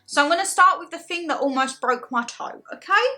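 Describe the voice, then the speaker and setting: A young woman chatting casually in a haul video, animated and self-deprecating, laughing often as she talks. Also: high voice, a little fast, faint music behind. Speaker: haul vlogger.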